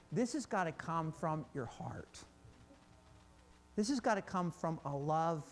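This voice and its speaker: A man preaching a sermon to a congregation, animated, often restarting his sentences, swinging from loud stretches to quiet ones. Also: sits high.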